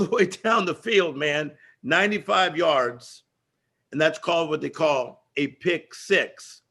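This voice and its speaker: Forceful, higher-pitched motivational speaker man. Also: creaky. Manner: emphatic, rhythmic, repeats phrases for effect. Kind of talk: motivational stage speech.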